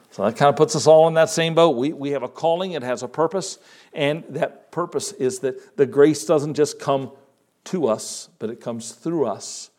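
A man preaching a sermon, reading scripture slowly with emphasis and adding casual asides. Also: fairly high pitch, darkish tone.

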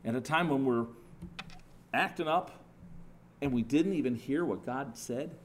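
A man preaching a sermon in a conversational, animated storytelling way, with frequent restarts and asides to the congregation. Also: mid-range voice, a little slow, a little hiss or hum.

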